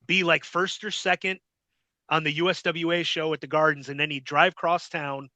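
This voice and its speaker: Middle-aged guy hosting a podcast, storytelling all animated, high bright voice, dry close mic. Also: moderate pace, dry recording. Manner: animated, repeats words, acts out quotes. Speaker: podcast host, former ring announcer. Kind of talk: casual storytelling.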